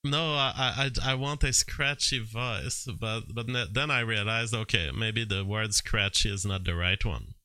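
A man's voice: mid-range voice, animated, a little slow, pushed and bright, clean tone, no room sound. A man streaming live, commenting on AI-made songs, reading out chat messages and laughing often as he talks. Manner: chatty, laughs often, imitates sounds playfully.

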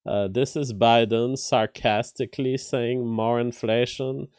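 A man hosting a live stream, talking through the news in a loose, conversational way. His voice sits at an ordinary middle pitch and is picked up close on a dry mic with no room sound. He stumbles through restarts and filler words, and he reads headlines aloud before reacting to them. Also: steady tone, measured pace, a little mellow, smooth, no echo. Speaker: live-stream commentary host. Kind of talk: casual political and news commentary.

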